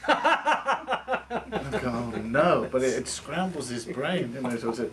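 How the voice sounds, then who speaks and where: An older man with an English accent, a guest musician telling animated stories and acting out the voices of people in them. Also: medium pitch, slow. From England. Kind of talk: anecdotal storytelling. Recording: distant mic with noisy ambience.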